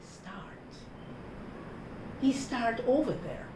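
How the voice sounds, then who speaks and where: A woman's voice: a little high, lively intonation, very slow. A woman with a Jamaican accent casually teaching patois words, saying phrases in patois and then giving the plain English word. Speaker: host. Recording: roomy with background noise.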